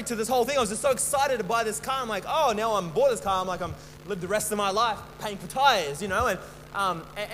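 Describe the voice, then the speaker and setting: A young man preaching a sermon as a pastor, halting and full of restarts and repeated words. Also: high voice, fairly bright tone. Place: church hall. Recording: long church reverb, faint hum.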